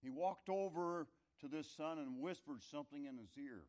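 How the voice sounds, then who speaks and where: A middle-aged or older man telling a folksy, rambling story in a conversational sermon, his loudness rising and falling. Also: fairly high pitch, moderate pace. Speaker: speaker telling a story to an audience.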